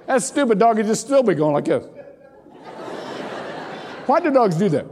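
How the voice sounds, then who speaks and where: Animated older pastor in a reverberant church. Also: male voice, sits high, moderate pace. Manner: animated storytelling, jokey asides, repeats words. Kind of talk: sermon. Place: church sanctuary. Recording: long hall reverb.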